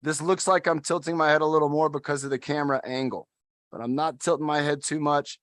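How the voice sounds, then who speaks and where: Guy coaching a workout, kinda high voice, dry close sound, cheery and encouraging. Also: steady tone, fast, fairly bright tone, no room sound. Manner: upbeat, encouraging, counts down holds. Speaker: adaptive fitness instructor. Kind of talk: guided workout instruction.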